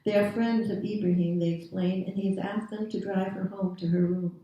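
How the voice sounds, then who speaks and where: A woman author reading her own prose aloud at a literary event, in a measured, deliberate storytelling manner. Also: mid-range voice, fairly even intonation, dark tone, dull audio. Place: reading series venue. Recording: very echoey room, distant mic.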